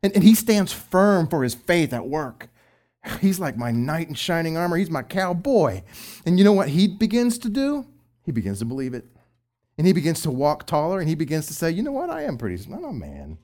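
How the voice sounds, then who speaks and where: A middle-aged man and former youth pastor, talking about Christian marriage. His pitch leaps up and down with lively swings. He moves between loud, pressing emphasis and quiet asides. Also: moderate pace. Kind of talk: Christian marriage advice talk.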